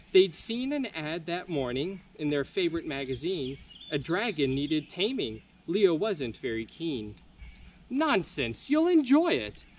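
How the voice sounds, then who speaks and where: A young man reading a picture book aloud at a virtual campfire, slow and expressive. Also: fairly high pitch, a little hiss or hum. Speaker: camp counselor.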